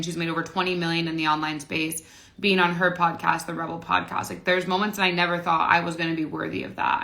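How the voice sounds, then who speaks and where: A woman in her late twenties coaches on manifestation in a loose, rambling monologue. Her voice sits a little low but rings bright and forceful. She circles back on her own phrases and leans on "like" as she talks. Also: creaky. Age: late 20s. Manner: rambling, repeats phrases, heavy use of "like". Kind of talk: casual motivational talk to camera.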